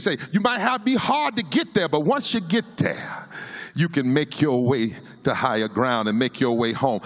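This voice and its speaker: A man's voice: on the high side, lively intonation, moderate pace. A man giving a preaching speech at a panel, building a rising cadence with repeated refrains in a large hall.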